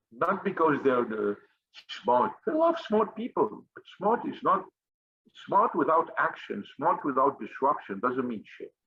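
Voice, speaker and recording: Man, husky voice, blunt profane ranting, motivational monologue, dull lo-fi sound. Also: medium pitch. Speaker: finance group leader. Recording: dull, slightly lo-fi dry recording.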